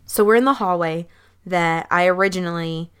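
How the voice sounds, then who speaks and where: A woman's voice: lowish voice, normal speed, clear, resonant tone. Chatty woman playing a tabletop game. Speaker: player. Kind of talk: casual tabletop game play.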